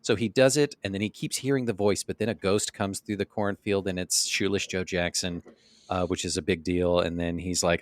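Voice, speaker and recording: Young male co-host, low voice, playful and jokey, dry close mic. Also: fairly even intonation, normal speed, no room sound. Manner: jokey, playful, laughs often. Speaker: podcast co-host. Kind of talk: casual chat.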